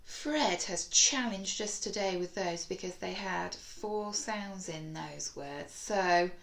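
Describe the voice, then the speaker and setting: A woman leads a recorded phonics lesson for young children, sounding out each word carefully and cheering them on. Her voice sits fairly low and she takes her time. The recording has a roomy echo. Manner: sounds out words slowly and clearly, encouraging. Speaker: primary school teacher. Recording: echoey room.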